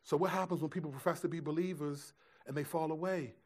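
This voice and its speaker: Male pastor, fairly high voice, casual slangy sermon delivery, stops and restarts a lot. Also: fast talker. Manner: animated storytelling with many restarts and slang.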